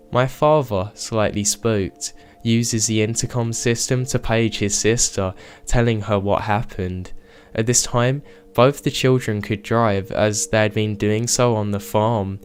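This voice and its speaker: Low-voiced man narrating horror stories. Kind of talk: scripted horror story narration.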